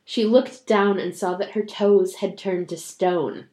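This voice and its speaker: A woman's voice: mid-range voice, fairly even intonation, measured pace, mellow. A woman casually reading a folk tale aloud as a podcast host, breaking off to joke and laugh. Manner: reads a story aloud, laughing and joking in asides. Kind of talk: casual storytelling with banter. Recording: roomy echo.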